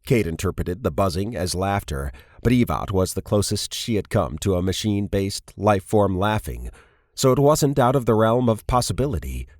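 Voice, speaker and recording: A man narrating an audiobook in a steady storytelling manner. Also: fairly low pitch, normal speed, no room sound, clean studio sound. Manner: steady storytelling, varied character reads. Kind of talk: scripted narration.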